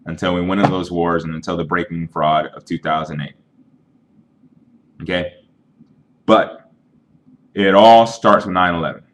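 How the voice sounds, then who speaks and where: A man with a fairly low voice talks straight into his webcam from home, earnest and argumentative. He builds his point through homespun analogies in loose, unscripted speech, and the webcam mic captures his voice in a plain indoor room. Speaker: vlogger. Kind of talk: casual webcam rant.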